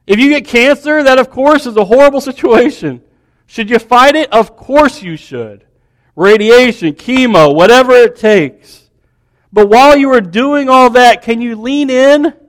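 A man preaching a sermon, building questions in a row and dropping to a soft hush. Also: very high voice, measured pace. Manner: animated storytelling preacher, dropping to soft hushed tones.

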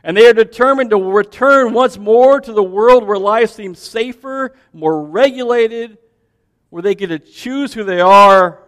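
High-pitched pastor guy preaching, chatty with lots of asides, big reverby church sound. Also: unhurried. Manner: conversational, animated, with frequent restarts and asides to the congregation. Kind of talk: sermon.

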